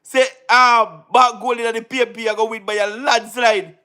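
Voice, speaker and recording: High, bright-voiced Jamaican man mocking. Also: steady tone, normal speed. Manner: mocking, laughs often, repeats phrases. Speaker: online political commentator. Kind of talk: casual commentary.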